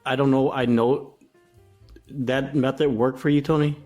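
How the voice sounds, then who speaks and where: A man's voice: mid-range voice, little pitch movement, a little slow, a little mellow, soft background music. A man co-hosting a casual podcast chat, telling stories with lots of cursing and laughter. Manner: profane, laughing storyteller. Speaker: podcast co-host.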